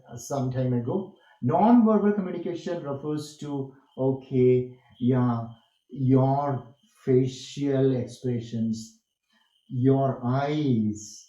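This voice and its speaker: A man's voice: medium pitch, dark tone, highs cut off. A man teaching a workshop on communication skills, emphatic and repetitive, asking rhetorical questions. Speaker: workshop instructor. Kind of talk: online lecture on communication skills. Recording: echoey room.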